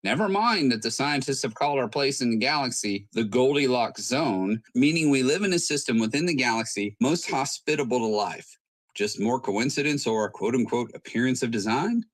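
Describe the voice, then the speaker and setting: Man narrator, mid-pitched voice, measured scripted read. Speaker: presenter in a video clip.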